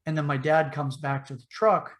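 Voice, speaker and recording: A man with a slightly higher voice spins a long tale in a loose, rambling way, full of fillers and restarts. He slips into the voices of the people in his story as he goes, keeping the feel of a casual podcast chat. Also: normal speed. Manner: animated retelling, acts out the voices in his story. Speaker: podcast host telling a story.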